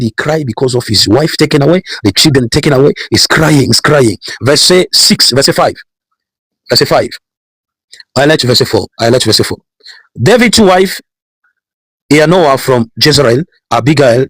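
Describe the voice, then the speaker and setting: A man's voice: medium pitch, a bit bright, no echo, low-quality recording. A man preaching a sermon, repeating phrases and building emphasis as he calls out Bible verses. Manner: preaching with repetition and rising emphasis. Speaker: pastor.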